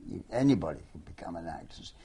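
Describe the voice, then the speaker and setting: A man's voice: low-pitched, expressive, fast talker, warm tone, slightly rough. A man in his eighties from London, a veteran actor answering interview questions in a wry, hesitant way with many restarts. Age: 80s.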